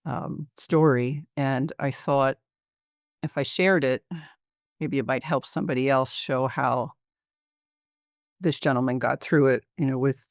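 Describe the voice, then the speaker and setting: A middle-aged man, a psychiatrist, presenting a patient case in a webinar in a measured, reflective way with frequent pauses. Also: medium pitch, no echo, clean studio sound.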